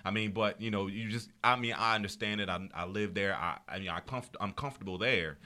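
A man's voice: on the low side, a little fast. A middle-aged man with a South Jersey accent, a podcast guest telling stories in casual chat, acting out dialogue and laughing often. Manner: animated storyteller, acts out dialogue, laughs often.

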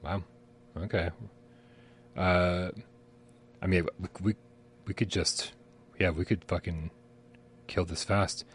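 A man's voice: low-pitched, fairly even intonation, slow pace, pauses often, a little hiss or hum. A man co-hosting a live gaming stream, rambling and swearing casually, often laughing. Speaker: podcast co-host. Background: sirens outside.

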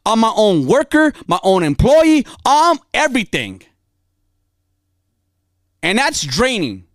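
A woman's voice: on the high side, huge pitch swings, slow pace, no room sound. A woman giving a casual motivational talk, emphatic and repetitive, dropping slang as she drives her points home.

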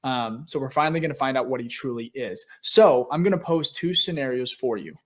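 A man's voice: medium pitch, a little fast. A man hosting a sports podcast, talking loosely with many fillers and setting up questions for a guest. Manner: relaxed, filler-heavy talk. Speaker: podcast host. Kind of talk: casual chat.

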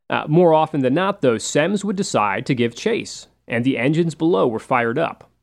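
Medium in pitch with a touch of vocal fry, this man narrates history for his show in an easygoing, chatty style. Fillers and side remarks crop up often.

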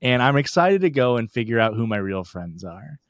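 A man's voice: medium pitch, big pitch swings, moderate pace, dry recording, studio quality. A young man co-hosting a casual podcast, teasing and playful in banter. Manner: playful, teasing, goofy bits. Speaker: podcast co-host. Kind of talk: casual chat.

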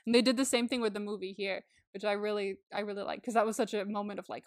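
A woman's voice: medium pitch, steady tone, quick pace, darkish tone, no room sound, studio quality. A young woman co-hosting a podcast, chatting casually, laughing often and swearing freely as she gushes. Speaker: podcast co-host. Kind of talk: casual chat.

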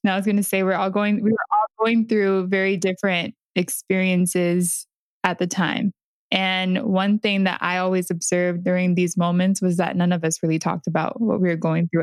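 A woman hosting a podcast speaks in a soft-spoken, thoughtful way. Her voice is low and almost monotone. The sound is close and dry. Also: brisk, no room sound. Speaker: podcast host. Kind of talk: reflective conversation.

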